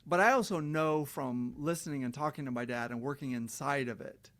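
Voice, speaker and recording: A man's voice: medium pitch, a little fast, a bit bright. A middle-aged man delivering a heated, profane rant straight to his viewers. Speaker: vlogger. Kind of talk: angry rant to camera.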